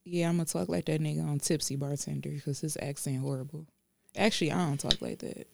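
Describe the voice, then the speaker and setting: Aave woman guest, low gravelly voice, dry and matter of fact. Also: fairly even intonation, fast talker, no room sound. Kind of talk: casual chat.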